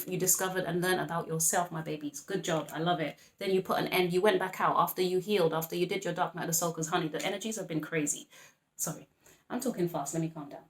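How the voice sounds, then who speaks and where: A woman's voice: on the low side, roomy sound. A woman giving a casual, rambling tarot reading, chatty and full of apologetic asides. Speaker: tarot reader.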